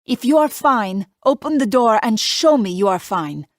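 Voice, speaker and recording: A woman's voice: on the high side, expressive, normal speed, no echo, voice pushed up, close to an everyday voice. An insistent, protective Italian gardener with an Italian accent, as a woman reads him. He speaks in short, clipped demands in a dry, close audiobook recording. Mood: urgent.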